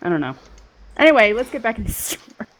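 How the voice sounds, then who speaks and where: A woman's voice: on the high side, sing-song, fast, a bit bright, low-quality recording. A woman playing a tabletop game, joking playfully in casual chat. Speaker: player.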